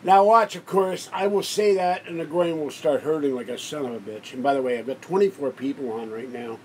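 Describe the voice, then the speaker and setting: A man chatting on his own live stream, voice sitting a little high for a man. He rambles, grumbles and keeps cutting in on his guest. A faint hiss sits under the home recording. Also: fairly quick, rough recording. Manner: rambling, complaining, talks over his guest. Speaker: livestream host. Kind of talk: casual live-stream chat.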